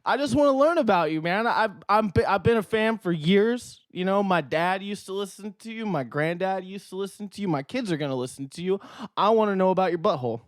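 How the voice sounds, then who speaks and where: A man's voice: high-pitched, fairly quick. A man guesting on a comedy show, talking crude and brash, swearing freely and laughing in a studio. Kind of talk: casual comedic banter.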